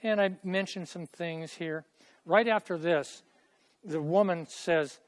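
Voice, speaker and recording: Man, middle-aged, language teacher, chatty, repeats phrases, slightly high voice, classroom. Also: unhurried. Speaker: Hebrew teacher. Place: classroom with students.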